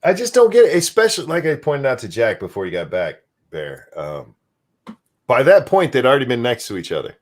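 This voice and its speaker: A man's voice: mid-range voice, wildly swooping pitch, fairly quick. A man hosting a casual talk show, blunt and joking. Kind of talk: casual chat.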